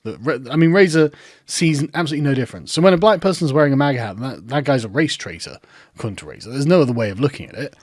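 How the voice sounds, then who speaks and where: On a dry recording, a man with a mid-range voice talks close to the mic at a racing, animated clip. This online commentator sneers with incredulous sarcasm and keeps laughing mid-mockery.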